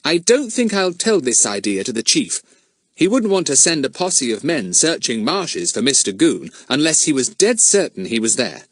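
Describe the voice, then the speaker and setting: A man voicing a clever, self-assured boy who leads a group of young sleuths, talking brisk and sure. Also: medium pitch, big pitch swings, no echo, voice pushed up. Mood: confident.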